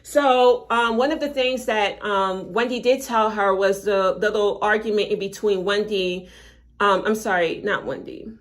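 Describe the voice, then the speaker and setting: A woman's voice: mid-range voice, fairly even intonation, normal speed. A woman hosting a casual live-stream recap of a reality show, chatty and self-correcting, with frequent fillers.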